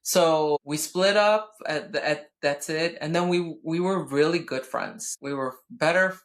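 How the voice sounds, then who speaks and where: With a deep, unhurried voice, a woman in her thirties co-hosts a podcast and shares a personal story in casual conversation. She is blunt and profane, prone to animated outbursts.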